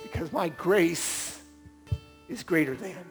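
A high-voiced male pastor delivers an earnest sermon in a church. He drops to quiet moments, then builds to emphatic peaks. Soft guitar plays faintly behind him. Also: slow pace. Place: church service. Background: faint band guitar.

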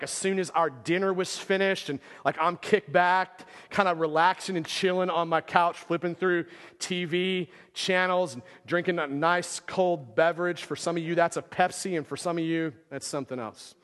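Man, pastor, 30s, casual rambling sermon, high voice, long church hall reverb. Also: steady tone, normal speed, fairly bright tone. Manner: casual, rambling, lots of "like" fillers. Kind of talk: storytelling sermon. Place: church sanctuary.

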